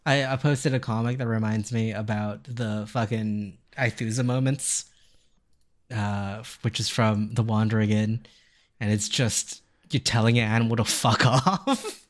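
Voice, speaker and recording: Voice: medium pitch, measured pace. A podcast co-host in casual chat, giggling often and riffing sarcastically.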